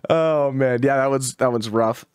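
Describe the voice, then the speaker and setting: A man's voice: mid-range voice, moderate pace, smooth, no echo, clean studio sound. A man co-hosting a casual podcast, joking and swearing often. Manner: joking, profane, breaks into quoted voices. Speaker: podcast co-host.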